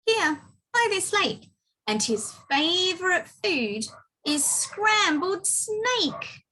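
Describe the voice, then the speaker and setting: A woman voicing a small, clever, boastful male mouse in a storybook reading, bright and bold. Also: very high-pitched, very animated, extremely slow, voice pushed up, exaggerated voice, poor audio. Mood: sly.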